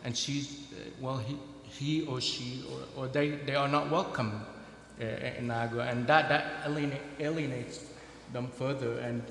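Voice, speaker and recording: A man answering on a community panel, halting and restarting his sentences often. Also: medium pitch, steady tone, fairly bright tone. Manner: halting, many fillers and restarts. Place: church hall. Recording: echoey hall, faint noise.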